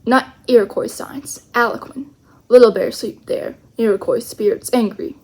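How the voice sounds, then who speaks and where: A woman's voice: on the high side, fairly even intonation, normal speed, darkish tone. A woman voicing a tiny, stern adult warrior who talks in blunt, clipped broken phrases while reading a storybook aloud.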